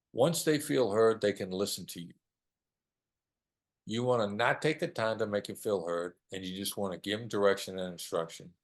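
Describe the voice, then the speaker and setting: An older man with a low voice gives practical advice as an interview guest. He stresses his points and circles back to repeat the key phrases. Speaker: negotiation expert guest.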